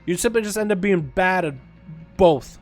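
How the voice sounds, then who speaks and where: A man's voice: high-pitched, moderate pace. Chatty male gamer streamer, faint music. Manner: chatty, reads and answers chat, bursts into loud excited outcries. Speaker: livestreamer playing a video game. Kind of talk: casual gaming livestream chat.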